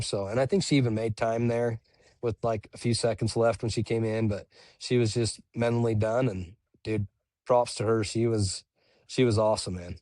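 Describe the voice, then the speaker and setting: A young man telling race stories in relaxed casual chat, dropping "dude" and "bro" as he goes. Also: fairly low pitch, normal speed, no echo. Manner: laid-back, says "dude" and "bro" a lot. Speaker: podcast guest, ultramarathon runner.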